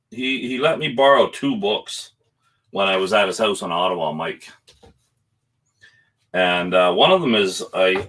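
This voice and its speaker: A man from Canada talks casually about a book, now and then reading lines aloud slowly and deeply. His voice sits low and has a husky, breathy edge. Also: bright, forceful tone, rough recording. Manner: reads book passages aloud in a slow, low voice. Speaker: guest whisky reviewer. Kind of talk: casual chat.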